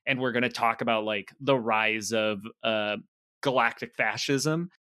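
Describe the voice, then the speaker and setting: Bright-voiced man explaining. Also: medium pitch, fairly even intonation, measured pace, clean tone, no room sound. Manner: explanatory, uses "like" often. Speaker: podcast host. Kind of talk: casual chat.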